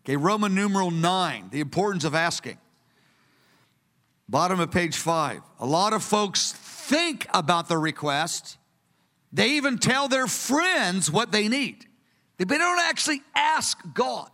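A man in his sixties preaching a teaching sermon from printed notes, earnest and storytelling, with bursts of excited emphasis. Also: high voice, a little slow. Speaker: preacher teaching a study session. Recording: long reverb of a hall.

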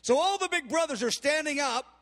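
A man preaching a sermon, retelling a Bible story in an animated way and acting out the characters' voices. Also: extremely high pitch, brisk. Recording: long hall reverb.

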